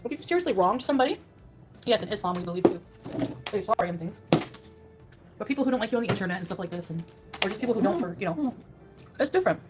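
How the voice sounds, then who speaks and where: A woman's voice: medium pitch, lively intonation, quick pace, pauses often, loud music behind the voice. A woman livestreamer chatting casually with viewers, rambling and laughing at herself.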